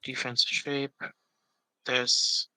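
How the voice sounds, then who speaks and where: A man playing a game on stream, calmly talking through his moves. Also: medium pitch, extremely slow, clear, resonant tone, no room sound, rough recording. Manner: calm, matter-of-fact, narrating his moves. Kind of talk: casual gaming chat.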